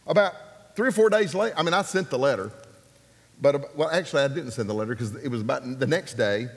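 A man from Alabama, preaching and telling a personal story with animated, acted-out voices. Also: fairly high pitch, brisk. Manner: animated, acts out quoted voices. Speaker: pastor. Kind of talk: sermon storytelling. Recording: long hall reverb.

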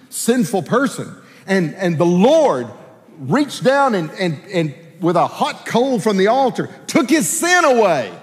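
A man preaching a sermon as pastor, lively and animated, acting out prayers in playful character voices. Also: sits high, big-room sound.

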